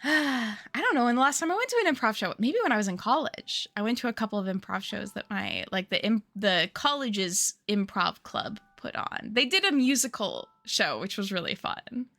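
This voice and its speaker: A woman's voice: mid-range voice, very animated, normal speed, creaky, pushed and bright, dry recording. A young adult woman streamer in casual chat with her viewers, rambling, giggly and answering chat as she goes.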